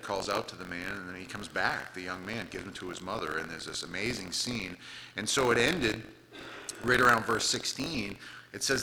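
A man's voice: on the low side, creaky, bright, forceful tone, a little hiss or hum, low-quality recording. A man preaching a conversational sermon, reading scripture aloud and retelling Bible stories in casual, everyday words. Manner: retells scripture casually, reads King James verses aloud. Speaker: pastor.

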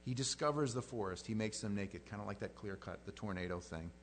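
A man preaching a sermon as pastor, conversational and animated, swinging between loud outbursts and quiet prayer. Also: on the low side, brisk, slight background noise.

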